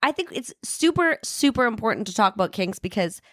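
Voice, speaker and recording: Woman co-host, casual and cheeky, animated pitch, dry studio sound. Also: brisk, no room sound. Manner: playful and crude, swears freely. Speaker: podcast co-host. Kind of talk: casual podcast chat.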